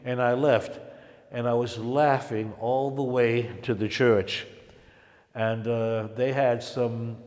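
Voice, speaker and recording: A man from Harlem, New York, telling his personal testimony as a lively storyteller who acts out the people he quotes and chuckles along. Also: medium pitch, big-room sound. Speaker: testimony speaker.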